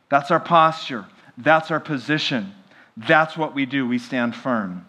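A man preaching a sermon as pastor, animated and often asking the congregation questions. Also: medium pitch, a little slow. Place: church.

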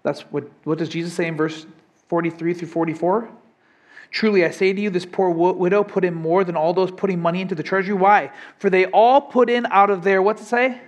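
Young man, pastor, conversational sermon, fairly high voice, quizzes the congregation. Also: steady tone, fairly quick, muffled recording. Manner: conversational preaching, asks congregation questions.

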